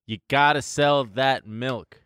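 A man's voice: mid-range voice, steady tone, slow pace, a bit bright, clean tone, no room sound, clean studio sound. A man co-hosting a podcast in loose, joking chat, laughing often and swearing freely. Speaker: podcast co-host. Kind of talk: casual comedic chat.

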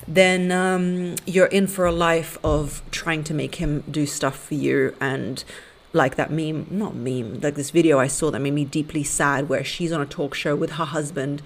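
A young woman hosting a podcast, giving blunt, sassy relationship advice and calling listeners honey and baby. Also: low voice. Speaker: podcast host. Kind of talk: casual advice monologue.

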